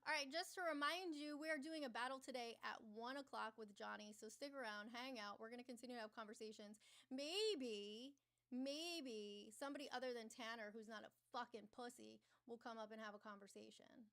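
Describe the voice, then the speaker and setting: A woman hosting a casual livestream with a voice pitched a bit high. She talks straight to her viewers, teasing them, answering the chat aloud and swearing without a second thought. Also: a little fast, a bit bright. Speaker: livestream host.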